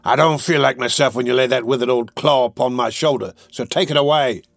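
A man reading an audiobook, voicing a gruff, bullying male robber who snaps out his lines. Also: medium pitch, brisk, dry recording, clean studio sound. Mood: contemptuous. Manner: gruff, snapping.

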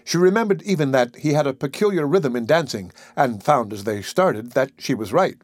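A man reads a story aloud in an expressive, scripted style. His voice sits mid-range but moves freely up and down. The recording is close and dry. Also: medium pitch, normal speed, dry recording. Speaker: narrator. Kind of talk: scripted narration.

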